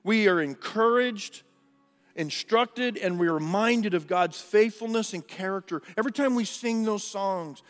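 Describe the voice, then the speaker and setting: A man's voice: high voice, moderate pace, few pauses, long reverb tail, soft background music. A man preaching a sermon as pastor, earnest and conversational, often repeating and restarting his words.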